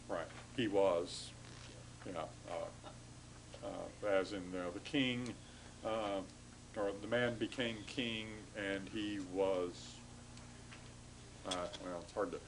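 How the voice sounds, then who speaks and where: A man lecturing a class on grammar, halting and full of fillers, stopping to correct himself. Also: on the low side, a little hiss or hum, low-quality recording.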